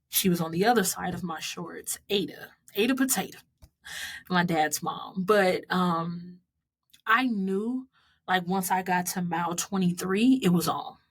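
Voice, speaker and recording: Woman, 30s, American, lowish voice, heartfelt and chatty with frequent laughs. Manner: heartfelt, laughs often, dedicates each mile to loved ones. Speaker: vlogger recapping her marathon. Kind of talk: casual personal recap.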